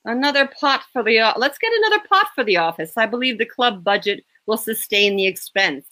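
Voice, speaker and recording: A woman's voice: a little high, lively intonation, pushed and bright, dry recording. A woman doing a snooty English-accented rich man. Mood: haughty. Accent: English (put on). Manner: slow, haughty drawl. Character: snooty, dry-witted wealthy man.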